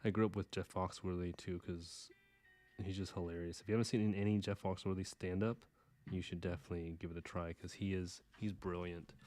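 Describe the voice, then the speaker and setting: Deep-voiced Texan man chatting while drawing. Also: level tone, fairly quick, a little mellow, faint music behind. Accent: Texas. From Houston, Texas. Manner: rambling, self-deprecating, mutters to himself. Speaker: livestream artist. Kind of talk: casual live-stream chat while drawing.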